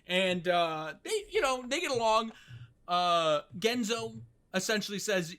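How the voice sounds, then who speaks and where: A man's voice: on the high side, sing-song, bright, forceful tone. A man casually recapping an anime on a podcast, joking, swearing and acting out characters' lines. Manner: quick, joking, swears casually, acts out quotes.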